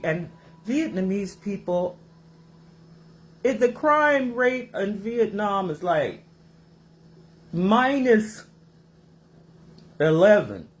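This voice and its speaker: A woman's voice: mid-range voice, a little hiss or hum. Woman host just chatting from her kitchen, voice swoops up and down a lot, takes her time. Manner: animated, rambling, acts out voices in her stories. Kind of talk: casual storytelling to viewers. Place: home kitchen.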